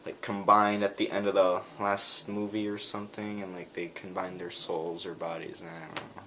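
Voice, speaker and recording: A man with a low voice tells a rambling story in a casual vlog. He talks in quick bursts and trails off between them. A faint hum of noise runs under his voice. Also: flat delivery, sharp tone. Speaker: vlogger.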